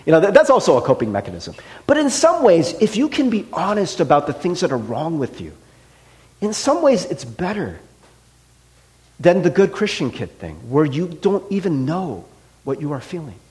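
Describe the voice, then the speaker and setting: A man's voice: on the high side, moderate pace. A middle-aged man preaching a casual sermon as a pastor, conversational with frequent fillers and acted-out quotes. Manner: conversational, animated, many "like" and "right?" fillers, acts out quotes.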